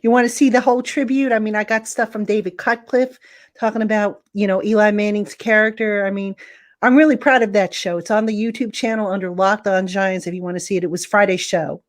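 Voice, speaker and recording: A woman sports reporter tells an anecdote in an easy, conversational way, slipping into the voices of the people she quotes. Her voice sits at a middle pitch and moves freely as she tells it. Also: a little fast. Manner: lively anecdote telling, acting out quotes. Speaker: guest, football beat reporter. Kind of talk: storytelling in a casual podcast chat.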